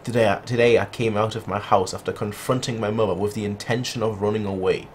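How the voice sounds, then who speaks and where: A man voicing a lonely, desperate sixteen-year-old girl while reading manga dialogue aloud in his own low voice. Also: fairly even intonation, quick pace, slight background noise, lightly acted. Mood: pleading.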